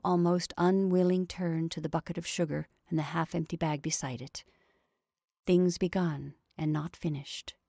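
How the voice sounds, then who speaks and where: A woman reads a short story aloud at a measured pace, often sinking into a soft whisper. Her voice is low and gravelly with a dry, close sound. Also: no room sound.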